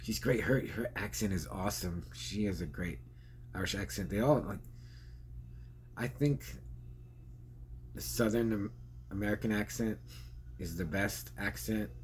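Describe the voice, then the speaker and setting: A man with a lowish voice talks through a film review in a loose, rambling way, laughing easily as he goes. A faint hum of noise sits behind him. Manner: rambling, chatty, laughs often. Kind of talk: casual spoken film review.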